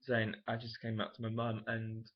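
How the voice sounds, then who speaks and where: A man's voice: fairly low pitch, monotone, moderate pace, highs cut off. A young man, telling a personal story to camera in a rambling, candid way, full of fillers and self-corrections. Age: late teens. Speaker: vlogger.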